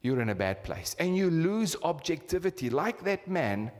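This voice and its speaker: A South African man in his fifties preaches in a church hall with a long, ringing reverb. His voice sits fairly high and swings widely as he fires repeated rhetorical questions at the congregation. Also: big pitch swings, moderate pace, darkish tone. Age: 50s. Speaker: pastor. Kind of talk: sermon.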